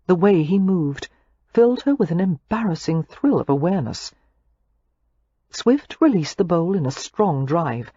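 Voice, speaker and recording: A woman narrating a romance audiobook in an expressive, scripted reading. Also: on the low side, husky, no room sound, lo-fi sound.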